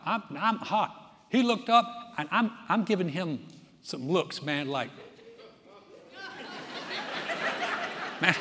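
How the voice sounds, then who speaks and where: A man's voice: on the high side, breathy edge. A man preaching a sermon as pastor, telling stories and acting out the people in them. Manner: animated storyteller, acts out quoted voices. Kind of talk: sermon with storytelling. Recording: long church reverb.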